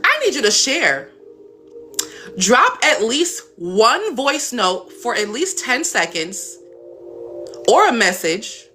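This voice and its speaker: Woman, live-stream host, crisp bright tone, blunt chatty delivery, faint music behind. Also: a little high. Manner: blunt, chatty, swears casually. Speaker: spiritual coach hosting a live stream. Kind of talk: casual live-stream talk.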